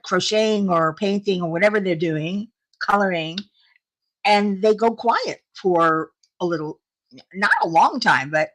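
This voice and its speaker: Woman, livestream host, unhurried and chatty, bouncy lively pitch, frequent laughs. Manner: chatty, laughing often, reading out viewer comments. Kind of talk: casual livestream chat with viewers.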